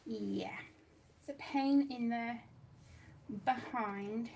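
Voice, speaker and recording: Drawing out her words in a slightly high voice, this UK livestream host chats her way through a home craft session. She is a bit flustered, mutters to herself as she works, and greets viewers warmly as sweetheart, with background noise behind her.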